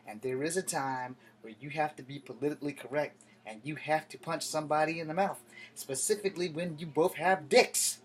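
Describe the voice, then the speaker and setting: Speaking to camera, a vlogger in his thirties tells a heated, wandering story full of swearing, in a profane street-talk style that keeps going off on tangents. His voice is slightly high and his pace a bit quick.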